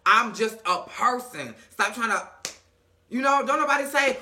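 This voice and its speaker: Sassy male recap host; high, piercingly bright voice, profane and theatrical. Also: animated, moderate pace. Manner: sassy and profane, dramatic emphasis. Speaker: reality TV recap commentator. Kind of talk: casual commentary.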